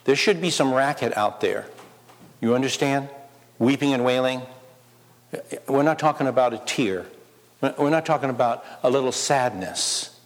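A man preaching a sermon, firing off rhetorical questions and swinging between loud urgency and quiet asides. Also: medium pitch, moderate pace, long pauses. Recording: long hall reverb.

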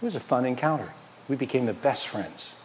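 A man preaching a sermon as pastor, lively and conversational, firing questions at the congregation and dropping from loud emphasis to near whispers. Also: medium pitch, a little fast, a little hiss or hum. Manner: animated, questions the congregation, swings from loud to quiet; playfully mocks excuses in a whiny put-on voice.

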